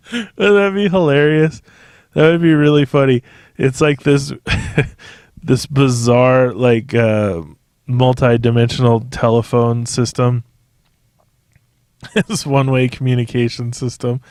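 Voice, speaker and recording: A man's voice: medium pitch, steady tone, slow pace, pauses often, a little mellow, smooth, dry recording. Solo male podcast host, digressive and profane, laughs a lot, mid voice, dry close sound. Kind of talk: rambling solo podcast monologue.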